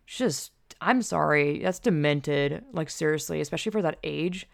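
A woman with a low voice and a gravelly, vocal-fry edge talks on her own in a loose, rambling way. She fills her sentences with fillers and swears freely, like an offhand chat. The sound is close and dry, with no room echo. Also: normal speed. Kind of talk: casual storytelling monologue.

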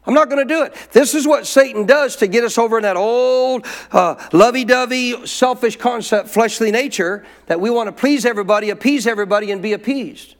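A man's voice: very high-pitched, a little fast. A man preaching a sermon in an emphatic way, repeating his points and calling for amens from the congregation.

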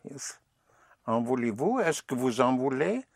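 A man's voice: mid-range voice, sing-song, measured pace, vocal fry, no echo, clean studio sound. A man teaching a language lesson, patiently prompting and repeating phrases.

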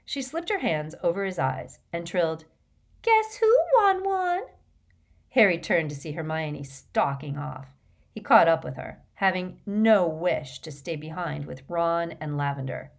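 A woman reads an audiobook in a lowish voice with lively, shifting intonation. Her narration is measured and steady. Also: gravelly. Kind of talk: scripted narration.

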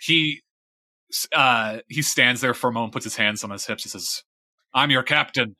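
A man narrating a tabletop role-playing game as game master, in a relaxed, halting way. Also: mid-range voice, no echo.

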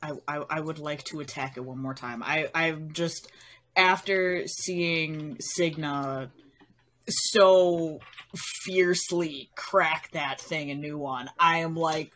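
Slow-talking woman playing a tabletop game. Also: deep voice, fairly even intonation, fairly bright tone. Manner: playful, stumbles over words. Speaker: player. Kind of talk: casual tabletop play.

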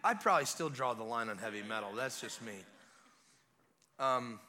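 A man preaching a revival sermon as guest preacher, retelling a scene in an animated way with casual asides. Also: medium pitch, moderate pace. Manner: animated storytelling, acting out scenes; conversational asides.

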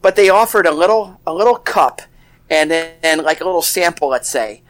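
A man's voice: on the high side, expressive, fairly quick, a bit bright. A man co-hosting a casual talk show, rambling with many restarts and "you know"s. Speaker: co-host. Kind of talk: casual chat.

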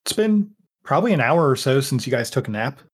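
A man's voice: mid-range voice, big pitch swings, fairly quick, breathy edge. A man narrating as game master in a tabletop game, casual and rambling, with many fillers.

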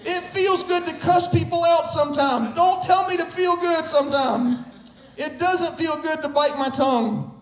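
A preaching man with a strikingly high voice, delivering a sermon from the pulpit. He talks emphatically and works up to shouts. The room carries a clear echo. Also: moderate pace. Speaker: pastor. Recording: echoey room.

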